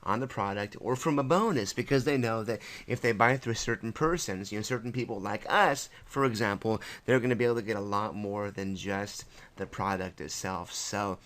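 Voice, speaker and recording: A man's voice: on the low side, normal speed, hardly any pauses, a bit bright. A man teaching an online marketing course in a casual screen-share tutorial, rambling with many fillers and self-corrections, his voice slightly worn.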